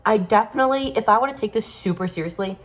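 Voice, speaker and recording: A woman filming a casual baking vlog in her home kitchen, excitable and quick to gasp and exclaim. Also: medium pitch. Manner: excitable, gasps and exclaims often. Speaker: vlogger.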